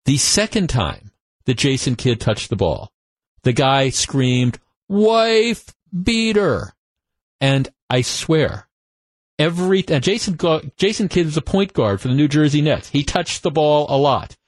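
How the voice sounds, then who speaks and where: A man's voice: fairly high pitch, expressive, normal speed, no echo. A man hosting a talk radio show, telling a story in a conversational monologue full of restarts, on a studio microphone.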